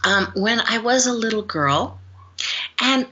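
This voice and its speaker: Older woman storyteller, slightly high, forceful tone, muffled audio; acts out quoted voices. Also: lively intonation, moderate pace. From Guam. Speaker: psychologist guest. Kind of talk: storytelling in a podcast interview.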